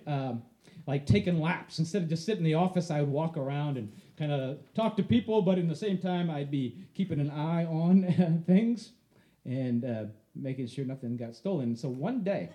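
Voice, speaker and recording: Man, storyteller, high voice, mellow tone, animated, laughing through it. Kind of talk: personal storytelling to a live audience.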